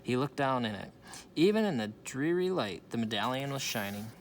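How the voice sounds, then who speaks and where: Animated man reading a storybook. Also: mid-range voice, normal speed, slight background noise. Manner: animated, with small slips and self-corrections. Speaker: reader. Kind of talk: storybook read-aloud.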